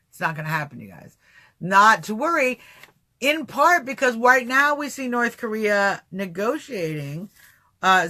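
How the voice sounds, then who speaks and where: A man hosting a casual livestream talk show, rambling and animated, answering chat comments as he goes. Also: sits high. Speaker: livestream host.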